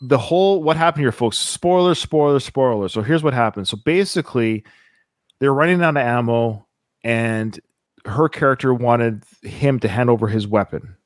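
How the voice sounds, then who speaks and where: A man co-hosting a podcast, talking about a film in a casual, animated and opinionated way. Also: medium pitch, normal speed, no echo, clean studio sound. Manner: animated, opinionated, restarts often. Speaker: podcast co-host.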